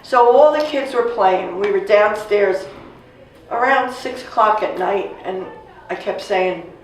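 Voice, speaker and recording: A woman in her sixties casually telling a family story, animated and acting out the voices of the people she quotes. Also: medium pitch, measured pace. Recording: echoey room, distant mic, faint noise.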